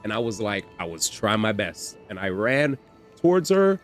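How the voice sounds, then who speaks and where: A man hosting a livestream, telling a story in an animated, slangy way with swearing and repetition. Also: lowish voice, moderate pace, faint music behind. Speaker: livestream host. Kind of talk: casual storytelling on stream.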